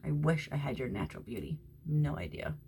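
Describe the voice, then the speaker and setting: A low-pitched middle-aged woman talks her way through a makeup routine at home. Her chat is loose and friendly, aimed at a friend, and now and then it sinks into a hushed whisper. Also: expressive, a little fast, gravelly, a little hiss or hum. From Florida. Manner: chatty, talks to a friend while doing makeup, drops to soft whispers at times. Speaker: makeup vlogger. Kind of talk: casual makeup tutorial chat. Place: at home during quarantine.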